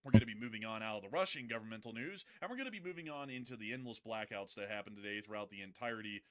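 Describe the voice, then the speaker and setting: A man hosting casual live news commentary, mixing joking asides and quick self-corrections into the updates. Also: fairly low pitch, fairly bright tone.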